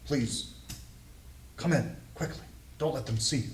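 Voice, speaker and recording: A man voicing a soft-spoken, secretive male fey mimic in a tabletop game, slow and hushed. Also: medium pitch, echoey room, distant mic, slight background noise, close to an everyday voice, rough recording.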